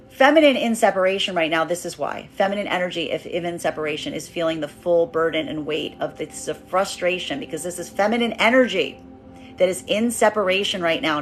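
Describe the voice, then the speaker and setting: A woman giving a tarot reading to her viewers in an animated way, acting out quoted voices and repeating words for emphasis, with soft music playing behind. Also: medium pitch. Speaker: tarot reader. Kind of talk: collective tarot reading monologue.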